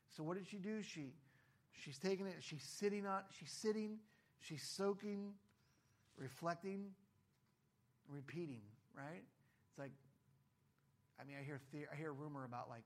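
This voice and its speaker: A man preaching a sermon with a fairly high voice. He is animated, asks his listeners one rhetorical question after another and briefly acts out the voices of figures in the story. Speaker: pastor.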